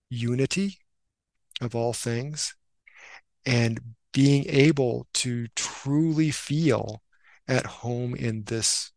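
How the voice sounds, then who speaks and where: A man who is a Christian minister and writer, talking as a guest in an earnest, reflective storytelling way that slows down for emphasis. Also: medium pitch, vocal fry, no room sound.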